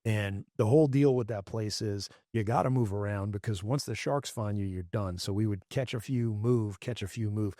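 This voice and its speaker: Man, lower register, dry close sound, folksy rambling fishing storyteller. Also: normal speed, hardly any pauses, dark tone, no room sound. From Florida. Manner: rambling, restarts sentences, folksy Southern-tinged phrasing. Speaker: fishing podcast host. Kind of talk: casual storytelling chat.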